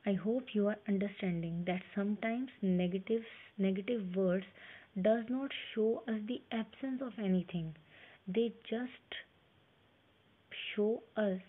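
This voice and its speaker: Indian woman teaching grammar, tinny audio. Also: mid-range voice. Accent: Indian English. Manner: explains step by step, reads examples aloud slowly. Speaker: English teacher. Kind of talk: classroom grammar lesson. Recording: tinny phone-like audio with faint hiss.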